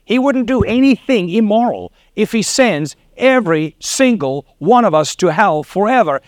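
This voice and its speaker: A man's voice: high voice, animated, moderate pace, no echo, clean studio sound. A middle-aged man with a South African accent preaching a sermon, telling stories with laughs and acted quotes. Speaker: pastor.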